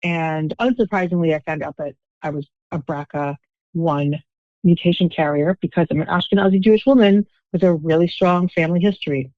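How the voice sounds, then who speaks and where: A woman's voice: on the low side, a little fast, no room sound. Woman, 50s, author guest, wry storyteller, dull phone-line sound, dry. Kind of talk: podcast interview, telling her story. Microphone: phone call.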